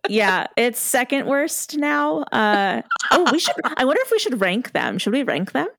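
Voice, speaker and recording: A young woman chatting on a podcast with a lively, swooping voice and frequent giggles. She pokes fun at herself as she talks. The sound is close and dry, with no room around it. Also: sits high, normal speed, gravelly, no room sound. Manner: giggly, animated, self-deprecating. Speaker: podcast co-host. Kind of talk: casual podcast chat.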